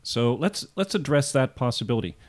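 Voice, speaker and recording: A man's voice: mid-range voice, sing-song, fairly quick. Man telling history on a podcast. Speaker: podcast co-host. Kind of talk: casual history podcast storytelling.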